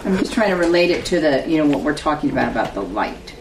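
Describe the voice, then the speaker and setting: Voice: mid-range voice, very animated, quick pace. A class member asking the teacher a question, hesitant and searching for words. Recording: distant, roomy and noisy.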